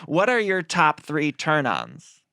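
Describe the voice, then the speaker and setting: Young male podcast guest, bright, joking and hesitant, dry studio mic. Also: on the high side, huge pitch swings, takes it slowly, gravelly, no echo. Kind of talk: casual chat.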